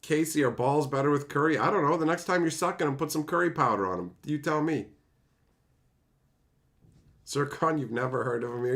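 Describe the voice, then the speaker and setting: A man's voice: on the high side, brisk, vocal fry, long pauses, fairly bright tone. A man streaming live, reading chat and ranting at it in profane, exasperated bursts.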